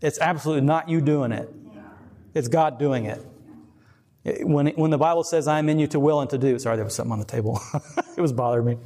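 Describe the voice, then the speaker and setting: A man's voice: on the high side, fast, long pauses, warm tone. A middle-aged man giving a casual, rambling sermon, earnest and often laughing. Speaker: preacher. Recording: long reverb.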